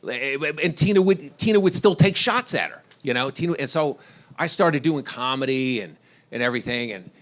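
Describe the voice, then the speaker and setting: A man's voice: medium pitch, expressive, normal speed, a bit bright. A middle-aged man from Washington, D.C., doing stand-up, rambling through stories and laughing at his own lines. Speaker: stand-up comedian. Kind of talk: stand-up set.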